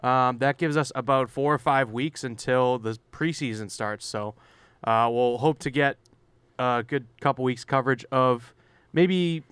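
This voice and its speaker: A man's voice: mid-range voice, unhurried, a bit bright, clear, resonant tone, no room sound. A man co-hosting a podcast, talking in a laid-back, agreeable way in casual chat. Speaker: podcast co-host.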